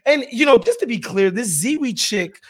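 A man's voice: very high-pitched, animated, normal speed. A man hosting a podcast, ranting in casual, profane, emphatic talk. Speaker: podcast host. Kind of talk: casual opinionated chat.

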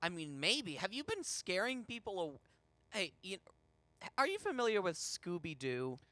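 A man co-hosting a comedy podcast, improvising with deadpan quips. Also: sits high, unhurried.

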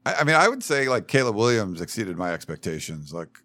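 A man's voice: on the low side, big pitch swings, fairly quick, bright, forceful tone, dry recording. A man co-hosting a sports podcast, reading listener messages aloud and chatting casually. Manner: reads listener messages aloud, brief agreeing replies.

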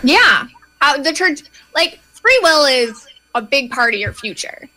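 A woman gives an aura reading in a confident, reassuring way. Her voice is high and bright, with a sharp edge. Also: lively intonation, unhurried, rough recording. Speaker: aura reader. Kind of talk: psychic reading.

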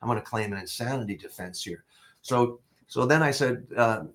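Older man telling a case story, animated. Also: medium pitch, normal speed. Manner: animated storyteller with many restarts. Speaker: interview guest, former investigator. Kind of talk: casual storytelling interview.

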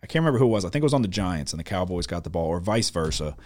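A man co-hosting a podcast in casual sports chat, swearing often and acting out his own reactions with sudden high yelps. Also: big pitch swings, very fast, a little mellow. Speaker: podcast co-host.

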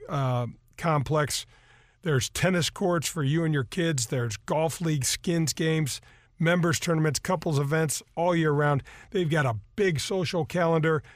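This golf radio host chats loosely and casually, leaning on lots of fillers and reading sponsor spots live. He speaks from a radio studio into a studio mic, his voice on the high side, with a clean studio sound and no room sound.

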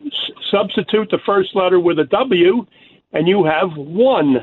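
Guy calling in, earnest, spelling stuff out, phone line with faint hiss. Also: sits high. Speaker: caller. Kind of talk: phone-in hot take.

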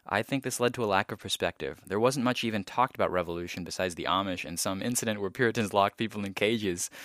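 Man, very low voice, bright edge, halting thoughtful podcast talk, dry close sound. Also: no room sound. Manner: thoughtful, halting with many ums. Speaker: podcast co-host. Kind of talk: casual discussion.

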